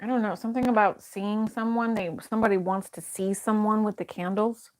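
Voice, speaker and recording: A woman at a medium pitch talks through a tarot spread in an easygoing, conversational way. She muses aloud, trails off and circles back as she interprets each card. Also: fairly even intonation, a little fast. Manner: thinks aloud, hesitant, many fillers and restarts. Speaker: tarot reader. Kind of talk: casual tarot reading to camera.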